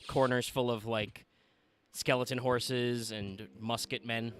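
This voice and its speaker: A man's voice: mid-range voice, level tone, slow pace, fairly bright tone, slight background noise. A young man streaming a video game, chatting casually with his viewers and swearing now and then. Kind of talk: casual livestream gaming chat.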